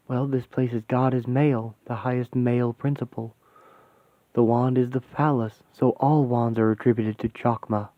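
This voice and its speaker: A man's voice: mid-range voice, no echo, lightly acted. A man voicing a young woman mystic in a fan radio play, talking in breathless wonder and explaining mystic symbols. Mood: awed. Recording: tinny dry lo-fi sound.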